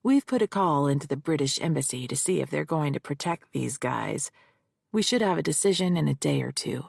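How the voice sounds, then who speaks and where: Gruff laconic male cop, voiced by a woman narrator, low and gravelly, dry close read. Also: expressive, a little fast, darkish tone, dry recording, heavily acted. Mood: curt. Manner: clipped, terse delivery.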